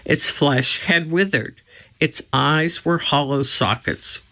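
A narrator reading a children's chapter book aloud in a slow, deliberate way. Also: medium pitch, pushed and bright. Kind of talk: storybook reading. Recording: muffled lo-fi recording.

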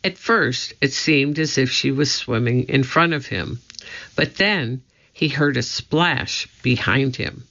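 An audiobook narrator giving a measured, deliberate storybook reading on a dull lo-fi recording. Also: mid-range voice, bright, forceful tone.

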